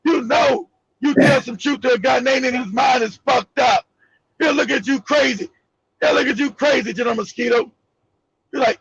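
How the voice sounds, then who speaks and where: A man co-hosting a casual online talk show, loud and profane, joking and laughing as he talks. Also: very high-pitched, moderate pace, vocal fry, slightly rough, no room sound, muffled recording. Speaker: co-host.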